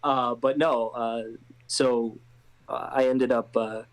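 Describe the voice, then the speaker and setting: A man's voice: medium pitch, little pitch movement, takes it slowly, rough recording. A man being interviewed as an actor, talking casually with a hesitant manner. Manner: hesitant, many restarts and laughs. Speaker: guest actor.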